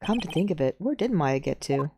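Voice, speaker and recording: A woman voicing an earnest young male defense lawyer who stammers, in a lower voice. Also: big pitch swings, fairly quick, background noise. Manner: hesitant, stammering.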